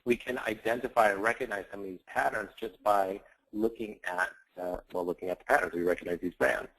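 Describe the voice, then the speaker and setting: A man's voice: fairly low pitch, fairly even intonation, brisk, fairly bright tone, low-quality recording. A man giving a conversational branding lecture with slides, often checking in with his audience with tag questions. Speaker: branding instructor.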